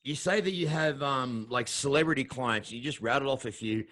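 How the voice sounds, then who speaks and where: A man's voice: mid-range voice, normal speed, a bit bright, no room sound. An Australian man hosting a podcast interview show, with upbeat, welcoming showman patter. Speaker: show host.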